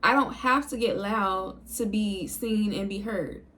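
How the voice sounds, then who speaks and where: Calm, low-key young woman vlogger. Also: measured pace. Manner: low, calm, chill delivery. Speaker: video creator. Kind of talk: casual talk to camera.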